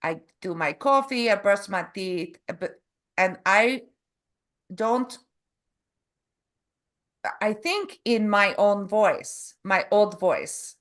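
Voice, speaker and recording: A woman interviewing in casual talk, with aphasia, halting and searching for her words. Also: medium pitch, animated, fairly bright tone. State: has aphasia. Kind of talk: casual conversation.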